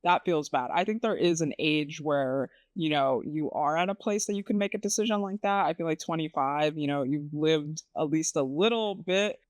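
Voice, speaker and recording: A man co-hosting a podcast conversation, with a somewhat high pitch for a man. He tells personal stories candidly and scatters fillers through his speech. His voice sounds dry, with no room echo. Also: moderate pace, hardly any pauses. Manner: candid storytelling with frequent fillers. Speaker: podcast co-host. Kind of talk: casual chat.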